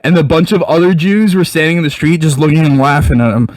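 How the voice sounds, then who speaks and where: A man, a comedian guest, chatting casually and telling animated stories with acted-out quotes and plenty of swearing. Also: fairly high pitch, fast, no room sound, distant mic, rough recording. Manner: animated storyteller, acts out quotes, swears freely. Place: small studio room.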